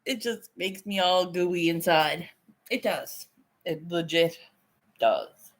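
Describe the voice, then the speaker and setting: A woman in her thirties hosts a casual livestream from home, reading out viewers' comments and answering them while swearing and laughing a lot. Her voice is lowish and she takes her time.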